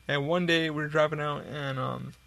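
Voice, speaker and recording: A man's voice: fairly high pitch, steady tone, normal speed, creaky, pushed and bright. A man hosting a podcast, rambling casually with a lot of swearing. He sounds tired and yawns as he talks. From upstate New York. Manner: profane, rambling, tired and yawning. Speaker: podcast host. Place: hot room at home.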